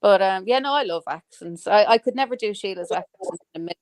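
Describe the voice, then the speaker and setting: A woman's voice: mid-range voice, animated, fast talker, no echo. A woman hosting a casual live chat, rambling with lots of fillers and the odd swear word. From Ireland. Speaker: livestream host. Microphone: home microphone on a live stream.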